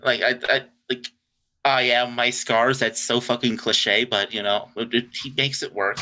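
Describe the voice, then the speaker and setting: A man co-hosting a podcast in loose, casual chat. His voice is bright and forward, and he jokes crudely with lots of fillers. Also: mid-range voice, steady tone, normal speed. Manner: crude, joking, full of fillers. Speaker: podcast co-host.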